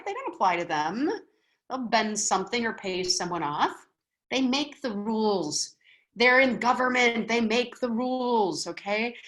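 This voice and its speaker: A woman teaching a spiritual wisdom class in a lively lecture style, often checking in with her listeners with "okay?". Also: fairly high pitch, low-quality recording. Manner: animated, checks in with frequent "okay?".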